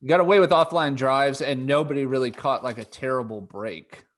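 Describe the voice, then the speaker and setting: A man's voice: medium pitch, normal speed. Golf podcast co-host, man, casual and chatty, restarts often, laughs easily. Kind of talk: casual chat.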